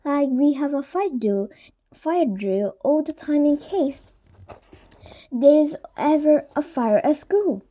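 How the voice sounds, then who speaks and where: Woman, fairly high voice, soft mellow tone, storybook read-aloud, self-corrections, whispered asides. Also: animated, slow pace, highs cut off. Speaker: reader. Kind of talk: reading a children's chapter book aloud.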